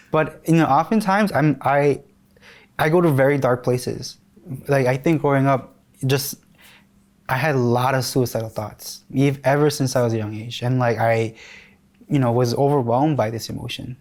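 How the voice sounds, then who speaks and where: A man's voice: mid-range voice, moderate pace, darkish tone. A man in his thirties from New York, candidly and emotionally telling his life story in an interview, often restarting his sentences.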